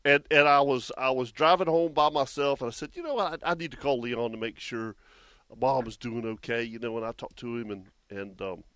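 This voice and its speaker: A man hosting a radio fishing show, telling stories in a lively way, laughing often and repeating his words. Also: medium pitch, brisk, no echo. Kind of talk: casual chat.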